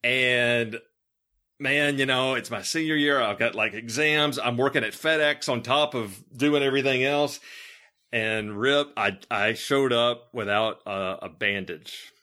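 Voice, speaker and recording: Middle-aged guy hosting a podcast, bright punchy voice, tells stories all animated and stumbly. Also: mid-range voice, measured pace. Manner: animated, laughing storyteller with many restarts. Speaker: podcast host. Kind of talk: casual interview storytelling.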